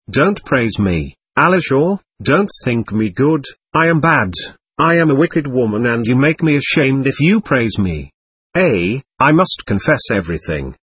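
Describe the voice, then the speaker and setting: A man's voice: mid-range voice, fairly bright tone, breathy edge, no room sound, full character voice. A man voicing a fiery, self-reproaching young woman. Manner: impassioned, swinging between scorn and confession.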